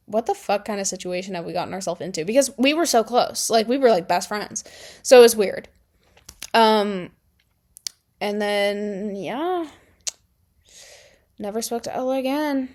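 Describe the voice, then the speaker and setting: A young woman telling a high school story to camera in a rambling, sarcastic way, full of "like" and laughing often. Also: a little mellow. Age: young adult. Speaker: vlogger. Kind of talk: casual storytime chat.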